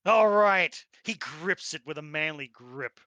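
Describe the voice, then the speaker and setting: A man running a tabletop game and chatting, animated and excitable, swearing freely. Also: fairly high pitch, measured pace, no room sound, lo-fi sound. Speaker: game master. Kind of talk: casual chat and tabletop game narration.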